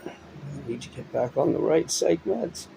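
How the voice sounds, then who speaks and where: A man rambling through a morning monologue, short of breath and exhausted, talking in a weary, halting way with many pauses and fillers. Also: a little high, expressive, vocal fry, dark tone, a little hiss or hum, rough recording. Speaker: vlogger. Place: at home indoors. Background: electric fan running.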